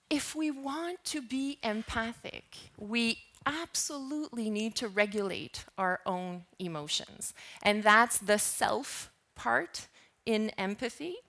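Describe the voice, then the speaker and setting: A woman's voice: fairly high pitch, bright, forceful tone. A woman giving a conference keynote talk in a lecture hall, often asking the audience questions. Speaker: keynote speaker.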